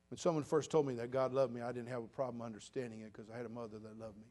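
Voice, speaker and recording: A pastor in his sixties preaching a sermon, swinging between loud bursts and quiet, low asides. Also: level tone, quick pace, few pauses. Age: 60s.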